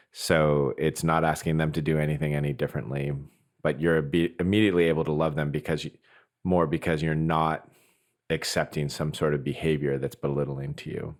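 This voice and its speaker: Super deep voiced guy hosting a podcast, earnest, thinking out loud. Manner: earnest, reflective, thinks aloud with restarts. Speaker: podcast host. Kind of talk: conversational podcast talk.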